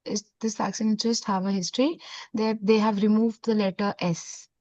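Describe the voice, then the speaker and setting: A woman's voice: mid-range voice, steady tone, moderate pace, darkish tone, no room sound. Woman teaching French, dull lo-fi audio. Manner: switches between Hindi and English, explains step by step. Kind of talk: online class lesson.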